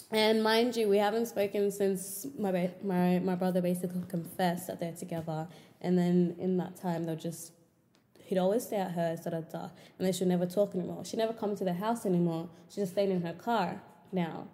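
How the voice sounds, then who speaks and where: A young woman hosting a podcast, telling a personal story in casual chat, swearing and getting animated when exasperated. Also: big-room sound. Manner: animated, swears often, frequent pitch jumps when exasperated. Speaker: podcast host.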